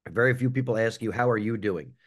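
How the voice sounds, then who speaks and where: A man's voice: lowish voice, quick pace. A man speaking as a panelist on a video call, answering in a reflective, earnest way with frequent fillers. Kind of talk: casual chat.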